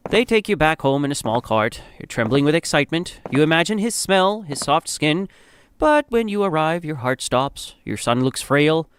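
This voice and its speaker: A man's voice: on the high side, very animated, normal speed, clean tone. A man narrating a dramatic story in the second person, in a grave, somber manner.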